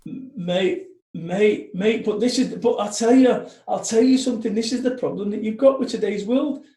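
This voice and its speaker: A man's voice: high-pitched, normal speed, dark tone, roomy sound, rough recording. A man in his forties, a motivational speaker telling blunt, heavily profane stories in casual podcast chat. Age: 40s.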